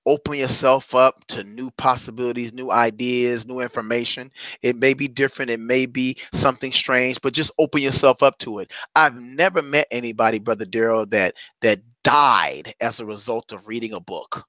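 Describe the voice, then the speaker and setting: A middle-aged man giving a fiery, preacher-style motivational talk as a courage coach. He swings from loud exhortation to hushed asides. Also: mid-range voice, fairly even intonation, moderate pace, dry recording.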